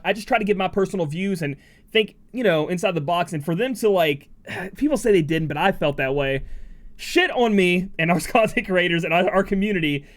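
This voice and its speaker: A man streaming a mobile game, chatting casually and reading his chat as he rambles emotionally and swears freely. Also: high voice. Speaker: game streamer and content creator.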